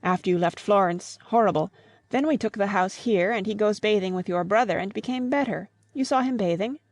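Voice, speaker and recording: A woman's voice: medium pitch, a little fast, no echo, clean studio sound, natural voice. A woman reading the part of a grieving old father in an audiobook, earnest and pleading.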